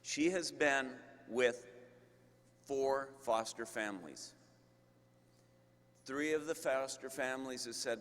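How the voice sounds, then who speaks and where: Male university leader, commencement address, unhurried, emphatic, long hall reverb. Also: medium pitch, a bit bright. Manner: slow, emphatic, with deliberate pauses. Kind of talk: commencement speech.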